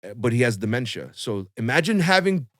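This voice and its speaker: Young man, mid-pitched, casual storyteller, dry close mic. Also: brisk, no room sound. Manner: animated, swearing, lots of fillers, acts out quotes. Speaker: podcast guest telling his story.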